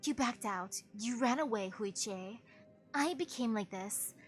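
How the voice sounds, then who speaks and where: A woman's voice: fairly high pitch, unhurried, faint music behind, close to an everyday voice. A woman reading a bitter, vengeful young woman villain. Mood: accusing. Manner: quiet, resentful, broken.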